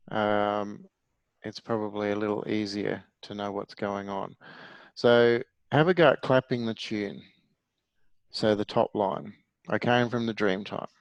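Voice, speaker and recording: A man's voice: fairly low pitch, no echo, poor audio. Patient male music teacher, middle-aged, dry close mic. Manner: patient, explanatory, asks the class questions. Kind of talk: online music theory lesson.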